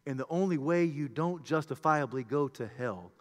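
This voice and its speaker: A man preaching a sermon with passion, swinging from shouted peaks to hushed low passages. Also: moderate pace, in a large hall.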